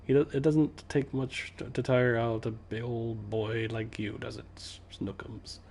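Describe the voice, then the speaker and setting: A man's voice: medium pitch, fairly even intonation, unhurried, vocal fry, a little mellow, a little hiss or hum. A man voicing a fussy, doting middle-aged woman who coos over her cat in baby talk. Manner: cooing, fussing baby talk.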